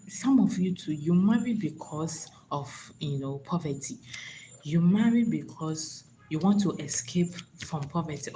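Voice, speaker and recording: Her voice sits on the low side with a dark tone, heard through a rough recording carrying a little hiss or hum. Hosting a live stream, she gives preachy, repetitive motivational advice, frequently asking "you understand?"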